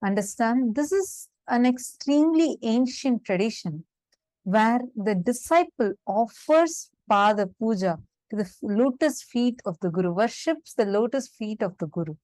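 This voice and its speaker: A woman's voice: on the high side, lively intonation, measured pace, dark tone, no echo. A woman co-hosting an online spiritual session, inviting viewers to post in the chat and explaining a devotional ritual. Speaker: session co-presenter. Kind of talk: devotional talk and sign-up announcements.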